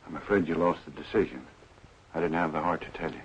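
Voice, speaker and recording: An actor playing a boxer's manager in a 1940s film, blunt and concerned. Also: male voice, a bass voice, steady tone, quick pace, muffled recording, a little hiss or hum. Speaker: boxing manager.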